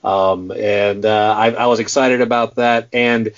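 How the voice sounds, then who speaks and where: A man's voice: on the low side, fairly even intonation, unhurried. Stammery chatty host guy, 40s, mid voice, kinda muffled audio. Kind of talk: casual interview chat. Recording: dull lo-fi sound.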